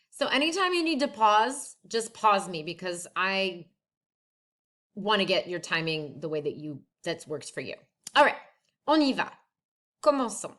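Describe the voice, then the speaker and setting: A woman's voice: mid-range voice, very animated, unhurried, fairly bright tone. A woman French teacher recording a lesson at home, talking in a friendly, chatty way and switching between English and French.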